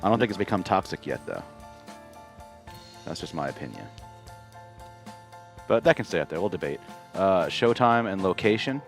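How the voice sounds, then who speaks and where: A man's voice: deep voice, very animated, moderate pace, long pauses, soft background music. A man co-hosting a casual live stream, debating his co-hosts in an easygoing way. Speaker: co-host. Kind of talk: casual chat.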